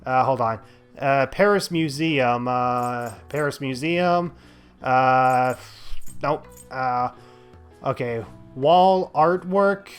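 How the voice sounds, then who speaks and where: A man's voice: mid-range voice, drawn-out words, clean tone, faint music behind. A man giving casual gameplay commentary as a let's play host, sarcastic and thinking aloud with lots of fillers.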